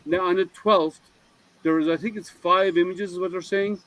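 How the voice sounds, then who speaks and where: A man's voice: sits high, steady tone, normal speed, fairly bright tone, no echo, lo-fi sound. Teasing, chatty man on a call. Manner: chatty, teasing, laughs often. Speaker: host of a group video hangout. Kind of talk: casual group chat. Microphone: video call.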